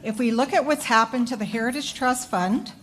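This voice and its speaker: A woman's voice: fairly high pitch, fairly quick, fairly bright tone. An older woman from Alberta giving a firm, matter-of-fact public comment at a town hall.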